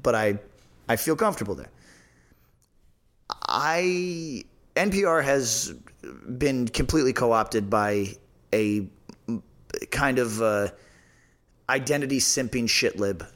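A man hosting a podcast in loose, profane conversation. His voice sits at an ordinary middle pitch. He rambles through restarts with a sardonic edge. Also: expressive, slow pace, pauses often, a bit bright. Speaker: podcast host. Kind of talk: casual podcast chat.

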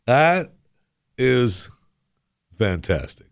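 A man's voice: mid-range voice, big pitch swings, extremely slow, gravelly, clear, resonant tone, no room sound, studio quality. A man hosting a talk radio show, rambling and wry, often interrupting himself. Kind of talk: casual talk radio commentary.

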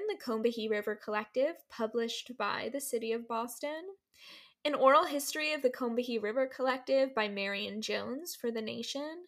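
Bubbly woman podcast host, higher voice. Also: fairly bright tone. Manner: bubbly, laughs often, playful teacher act. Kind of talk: casual storytelling chat.

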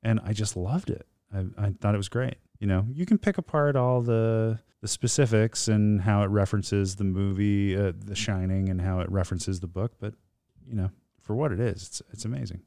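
A man's voice: lowish voice, normal speed, warm tone, no room sound, clean studio sound. A man, guest on his wife's podcast, chatting in a rambling, self-mocking way with many fillers. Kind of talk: casual chat.

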